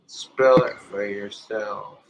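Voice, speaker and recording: A man ranting furiously, shouting and cursing in a recorded video clip. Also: fairly low pitch, steady tone, takes it slowly, vocal fry. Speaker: video creator in a played clip. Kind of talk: raging rant. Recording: loud noisy clip audio.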